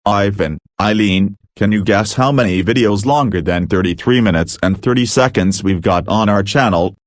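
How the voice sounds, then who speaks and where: A male text-to-speech voice playing a friendly cartoon man, read in a steady computer manner. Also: fairly low pitch, moderate pace, no room sound, clean studio sound, lightly acted.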